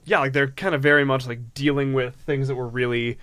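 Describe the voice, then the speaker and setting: A man's voice: medium pitch, steady tone, fairly quick, a bit bright, dry recording. A man co-hosting a film podcast, talking thoughtfully with many "like" and "I mean" fillers. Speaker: podcast co-host. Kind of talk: casual chat.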